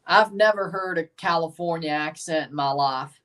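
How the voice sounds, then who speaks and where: A man's voice: fairly high pitch, normal speed, fairly bright tone, recorded from a distance. A man with a Southern accent streaming live match reactions, chatting with viewers and exclaiming at plays. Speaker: watchalong streamer.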